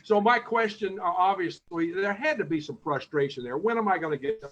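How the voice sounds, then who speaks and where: A man co-hosting, a former pitcher, asking questions haltingly with many fillers. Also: a bit bright. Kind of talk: casual interview questions. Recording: dull lo-fi audio with faint noise.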